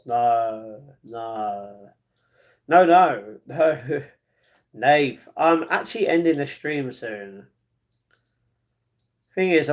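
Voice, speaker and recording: A man hosting a casual live stream, reading the chat, chatty and slangy, jumping between excited outbursts and muttered asides. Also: mid-range voice. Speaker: livestream host.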